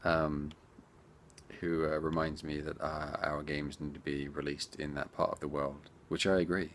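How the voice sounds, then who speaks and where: This indie game developer has an extremely low, level voice and talks at normal speed, with a slight hiss or hum in the audio. In a casual Q&A, he answers viewer questions in a rambling, chatty way, talking straight to the viewers.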